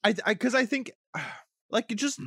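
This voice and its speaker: Male podcast co-host, high and very animated, emphatic and swearing, dry mic. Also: measured pace, breathy edge, no room sound. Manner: emphatic, swearing, laughs a lot. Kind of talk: casual podcast chat.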